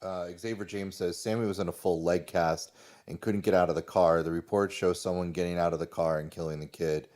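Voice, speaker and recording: A man's voice: deep voice, steady tone, brisk, a little mellow. A man reading viewer comments aloud, sitting away from the microphone and using fillers.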